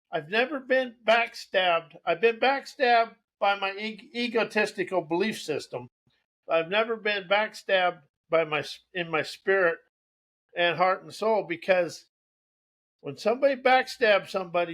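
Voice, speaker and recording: A man's voice: high-pitched, fairly bright tone. A man giving a rambling spiritual monologue, preaching as he goes, repeating key phrases and restarting his sentences. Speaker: motivational speaker.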